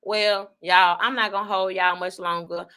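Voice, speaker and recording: A woman hosting an online talk show, giving blunt, profane commentary on online drama in a casual, fast-talking way. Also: medium pitch, flat delivery, pushed and bright, clear, resonant tone. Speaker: online radio host.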